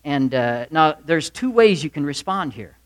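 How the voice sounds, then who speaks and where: A man's voice: a little high, very animated, unhurried, a little hiss or hum. A male pastor delivers a midweek sermon in a folksy, storytelling style. He moves easily from jokes to earnest points, his voice sitting a bit above the usual male range.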